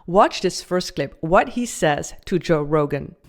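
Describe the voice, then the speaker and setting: A woman's voice: low-pitched, animated, a little slow. A woman host giving upbeat, scripted commentary about communication and confidence. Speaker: video host and communication coach.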